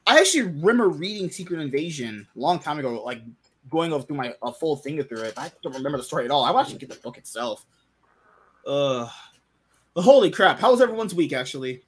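A man's voice: a little high, big pitch swings, fast, slightly rough. A man hosting a casual podcast chat, talking animatedly and often exclaiming in disbelief. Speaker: podcast host.

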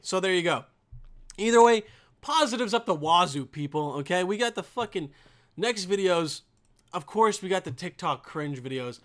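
A young man with a high-pitched voice hosts his channel and rips into cringe videos. His talk is profane, mocking and rambling, full of fillers and asides to his viewers. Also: a bit bright. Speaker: vlogger. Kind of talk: casual commentary on videos.

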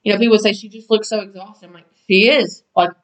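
A woman's voice: medium pitch, fairly even intonation, quick pace, recorded from a distance. A woman co-hosting a podcast, talking in an earnest, conversational way. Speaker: podcast co-host. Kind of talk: casual chat. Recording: dull, set back from the mic.

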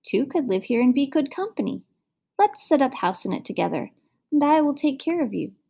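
A woman's voice: sits high, sing-song, a little fast, gravelly, mellow, voice pushed up, exaggerated voice. A woman voicing a big tiger in a fairy tale, growling at first and then purring kindly as a protective guardian. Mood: warm purring. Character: big gruff tiger turned friendly guardian.

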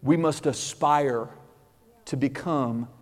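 A man preaching a sermon, animated, acting out quotes and rising to shouts. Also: medium pitch, takes it slowly. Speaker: pastor. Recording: long hall reverb.

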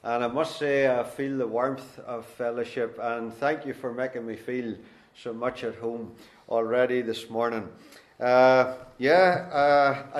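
A man's voice: medium pitch, reverberant. A middle-aged man with a Northern Irish accent, a guest preacher introducing himself in a homely, folksy way before reading scripture. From Northern Ireland. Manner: homely, folksy, with gentle self-deprecating humour. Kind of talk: sermon introduction and Bible reading.

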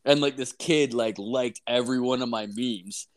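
A man's voice: mid-range voice, normal speed. Foul-mouthed young man telling stories. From Canada. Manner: profane, rambling, heavy filler words; animated, acts out voices in anecdotes. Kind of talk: casual storytelling chat.

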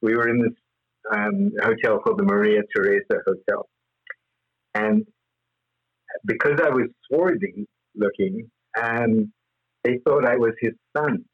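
A man's voice: on the low side, expressive, unhurried, pauses often, husky, phone-quality sound. A man as interview guest, telling rambling stories with frequent laughs and fillers. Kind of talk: anecdotal interview storytelling.

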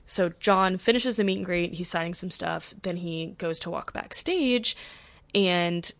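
A woman's voice: fairly low pitch, a little slow, gravelly, fairly bright tone, no room sound. Chatty young woman, dry close sound. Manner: gushing, chatty, many "like"s. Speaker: podcast host. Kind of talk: casual storytelling.

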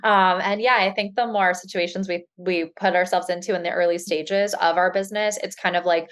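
A woman speaking in a somewhat low voice, talking freely as an interview guest. She rambles in a casual way, with many fillers and restarts. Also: fairly even intonation, a little fast, fairly bright tone, smooth. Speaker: tarot reader and author, guest.

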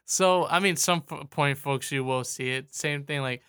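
A man's voice: a little high, normal speed, fairly bright tone, smooth, no echo, clean studio sound. A man hosting a podcast in casual chat, loose and rambling, talking to listeners as folks. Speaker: podcast host.

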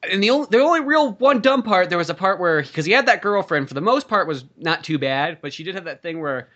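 Guy cohosting a podcast, rapid-fire, kinda high voice, cusses a ton. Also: dull audio. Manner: profane, animated movie ranting. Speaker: podcast co-host. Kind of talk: casual chat.

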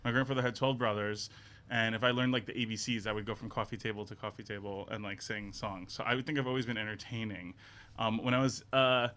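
A man interviewed as a guest actor, telling lively, animated stories about his childhood. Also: fairly low pitch, fast. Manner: animated storyteller, playful impressions. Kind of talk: casual interview chat.

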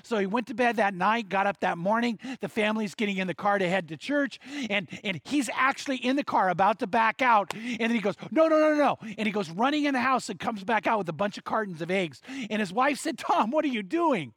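A high-voiced man preaching and telling a long story from the pulpit, acting out each person's lines with lively shifts. The sound is dry and close, with no room echo. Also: fairly quick, hardly any pauses. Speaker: pastor. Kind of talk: sermon storytelling.

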